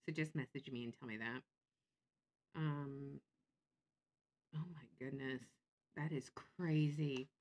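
A woman chatting on a casual livestream, sarcastic and quick to laugh as she reacts to viewers. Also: rumbling low, fairly even intonation, darkish tone.

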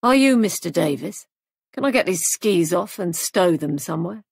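Woman voicing cheerful young sergeant, plain-spoken, audiobook, gravelly. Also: fairly low pitch, animated, normal speed, no echo, clean studio sound, exaggerated voice. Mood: brisk.

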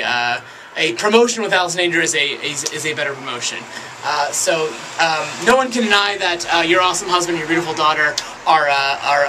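A man in his late twenties, a wrestler, giving a halting tribute full of fillers and restarts. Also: on the high side, noisy background. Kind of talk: recorded tribute message.

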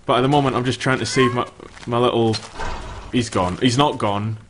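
A man's voice: medium pitch, steady tone, normal speed, background noise. A young man giving casual, chatty commentary over a game, swearing freely and talking to the creatures on screen. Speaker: gameplay commentator.

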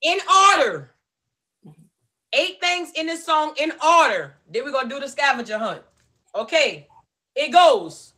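Woman, game host, high voice, bright tone, bossy, playful, pushy about time. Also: very animated, unhurried, pauses often. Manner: loud, bossy and playful, hurrying players along. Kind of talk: hosting a group game show.

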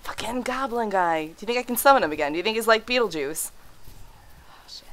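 Jumpy young woman gamer, bright voice. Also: medium pitch, expressive, quick pace, slight background noise. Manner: jumpy, shrieks at scares then laughs it off, swears. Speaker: let's play gamer. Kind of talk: casual horror game commentary. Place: home room.

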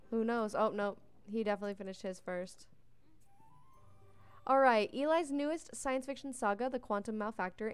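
A woman's voice: medium pitch, smooth, no echo. A young woman giving casual, chatty gameplay commentary as a let's play host, talking to the characters on screen and yawning often. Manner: chatty, talks to the game characters. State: yawning a lot.

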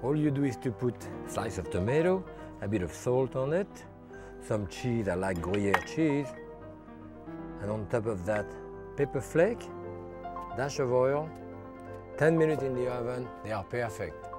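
A man working as a TV chef, walking through a cooking demonstration step by step and adding relaxed asides as he goes. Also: mid-range voice, measured pace, pauses often. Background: background music.

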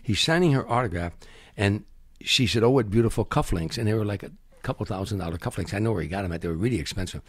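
An older man tells show-business stories in a husky, slightly low voice. He acts out the people in them with lively jumps in pitch. The sound is close and dry. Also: fast talker, hardly any pauses, no echo. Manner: animated anecdotes, acts out quotes. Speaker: guest comedian. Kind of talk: storytelling interview.

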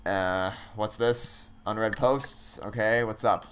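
A man's voice: fairly low pitch, steady tone, takes it slowly, very noisy. A man playing through a story game, thinking aloud with hesitant, stammering restarts and casual swearing. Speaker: let's play gamer.

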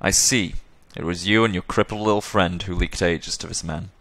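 A man's voice: deep voice, steady tone, moderate pace, fairly bright tone, dry recording. A man voicing a cold, stern wealthy father who speaks in clipped, commanding sentences.

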